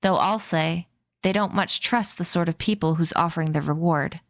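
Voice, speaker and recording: A woman's voice: fairly low pitch, moderate pace, close to an everyday voice. A woman voicing a cagey, streetwise gypsy boy in a read-aloud story, with clipped, slangy speech. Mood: guarded.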